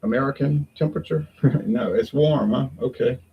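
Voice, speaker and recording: A man's voice: mid-range voice, moderate pace, muffled recording, slight background noise. A man chatting casually and rambling in a folksy way, talking at home in the heat with the windows open. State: sweating in the heat. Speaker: beer review vlogger.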